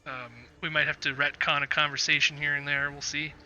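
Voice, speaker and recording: A man's voice: a little high, level tone, brisk, pushed and bright, dull audio, faint music behind. A man running a tabletop game as game master, rambling with many fillers.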